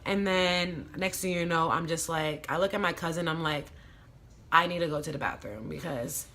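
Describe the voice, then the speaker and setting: A young woman tells a personal story to her camera in a casual, unscripted way. Her voice is bright and forceful, and it sits a little lower than most women's. She talks bluntly, swears freely and fills her pauses with fillers. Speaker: vlogger telling a personal story.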